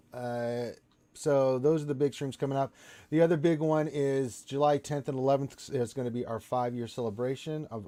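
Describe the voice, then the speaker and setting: A man hosting a live gaming stream, energetic and jokey, welcoming viewers and guests. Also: mid-range voice. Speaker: host.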